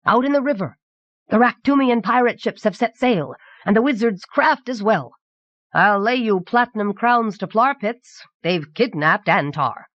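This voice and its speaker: A woman's voice: medium pitch, lively intonation, unhurried, dry recording, lo-fi sound, pitched above the performer's own voice, natural voice. A woman voicing a blustery male emperor who bellows his words. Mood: alarmed.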